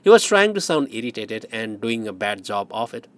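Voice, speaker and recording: Male audiobook narrator, wry and measured. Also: fairly low pitch, very animated.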